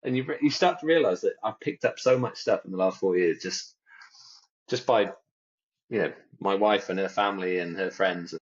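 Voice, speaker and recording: A man's voice: deep voice, moderate pace, lo-fi sound. A man co-hosting a podcast in casual chat, rambling and jokey and mimicking other people's phrases. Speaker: podcast co-host.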